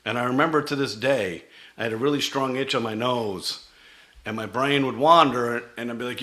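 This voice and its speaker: A man's voice: medium pitch, normal speed, pushed and bright. A middle-aged man, a company CEO, telling his founding story in a vivid presentation that acts out quoted dialogue.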